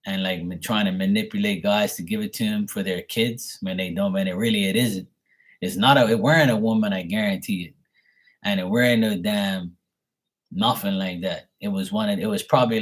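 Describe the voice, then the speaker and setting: Man, low voice, swearing, amused, casual storytelling. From Bermuda. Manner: profane, blunt and amused. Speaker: host.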